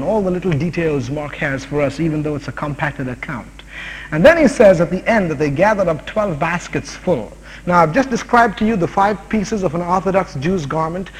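A man teaching a sermon on a Bible passage, animated and rising to shouted exhortations. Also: high voice, husky. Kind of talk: expository sermon. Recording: long hall reverb.

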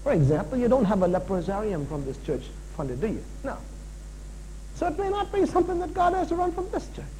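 A man preaching a sermon as pastor, animated and full of jokes and asides. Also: high voice, fairly quick, a little hiss or hum, rough recording.

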